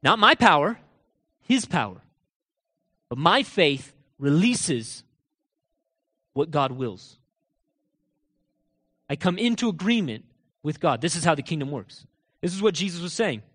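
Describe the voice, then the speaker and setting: High-voiced preacher in a reverberant hall. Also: male voice, sing-song, a little slow, long pauses, husky. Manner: emphatic, rhetorical questions, drops to quiet asides. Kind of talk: sermon. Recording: long reverb of a large hall.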